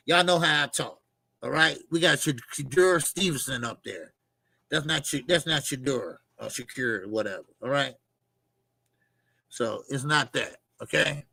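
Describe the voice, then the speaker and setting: Gravelly bright-voiced guy rambling on his boxing stream, lots of you know and okay, kinda husky. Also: on the high side, dry recording. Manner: loose, rambling, many fillers and repeats. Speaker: livestream host. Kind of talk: casual live chat reading comments.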